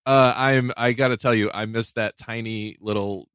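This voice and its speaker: A man's voice: on the low side, steady tone, moderate pace, fairly bright tone, smooth, dry recording, studio quality. A man hosting a podcast, chatting casually and rambling with restarts and self-mocking jokes. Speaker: podcast host.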